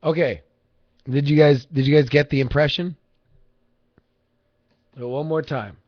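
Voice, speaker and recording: Guy rambling and cussing on a late night stream, kinda high voice, muffled lo-fi audio. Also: steady tone, unhurried. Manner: rambling, profane, joking with chat. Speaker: livestream host. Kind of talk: casual livestream chat. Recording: lo-fi livestream audio.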